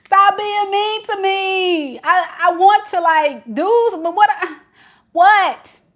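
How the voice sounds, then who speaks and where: Woman putting on a whiny high boyfriend voice. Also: takes it slowly, a bit bright, full character voice. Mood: pleading. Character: frustrated young man begging his girlfriend.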